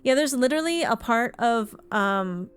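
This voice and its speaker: Chatty Canadian woman streamer, fairly high voice. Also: animated, moderate pace. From Ontario, Canada. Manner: chatty, frank, swears casually. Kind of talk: casual live-stream chat while gaming.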